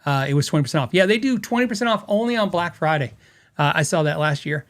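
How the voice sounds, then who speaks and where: High-voiced rambling male podcast host. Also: lively intonation, fast, a bit bright. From western United States. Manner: rambling, laughs often, restarts sentences. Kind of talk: casual podcast storytelling.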